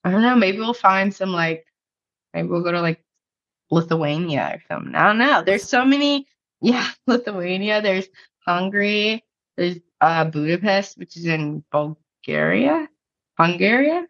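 A woman's voice: lowish voice, expressive, unhurried, fairly bright tone. An American woman co-hosting a podcast in a casual, rambling chat, filling her speech with "like" and laughing easily. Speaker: podcast co-host. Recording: dull lo-fi sound.

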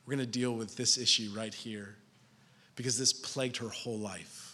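A man in his thirties preaching a sermon, animated, shifting from soft and low to loud and high. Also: moderate pace, breathy edge. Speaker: pastor. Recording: long hall reverb.

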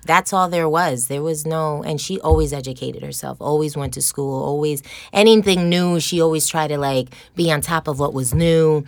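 A woman salon owner giving lively, direct interview answers and telling her story with energy. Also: low-pitched, normal speed, hardly any pauses, dry recording.

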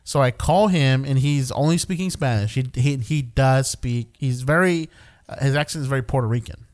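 A man's voice: medium pitch, normal speed, darkish tone. A man telling a rambling, profane story in casual chat with friends, often laughing. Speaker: podcast regular telling a story.

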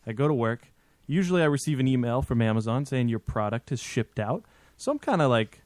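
Guy cohosting a podcast, animated storyteller, swears a lot, dry close sound, mid voice. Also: mid-range voice, fairly quick, no echo. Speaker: podcast co-host. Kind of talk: casual chat.

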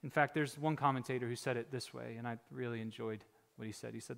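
A male pastor preaching a sermon, emphatic, swinging from loud exhortation down to near-whispers. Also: medium pitch, fairly even intonation, fast talker, vocal fry, long reverb tail.

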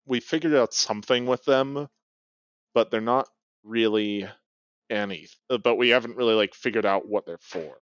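A man's voice: lowish voice, moderate pace, smooth, no room sound. A man playing as a guest in an audio puzzle game, musing over clues with dry humor. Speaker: guest player. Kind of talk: casual game chat. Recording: dull lo-fi sound.

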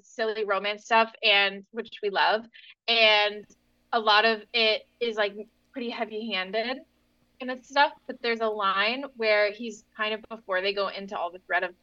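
A woman's voice: medium pitch, steady tone, a little slow, dry recording, lo-fi sound. A young woman co-hosting a podcast, recapping a novel in a rambling, self-correcting casual chat. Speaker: podcast co-host.

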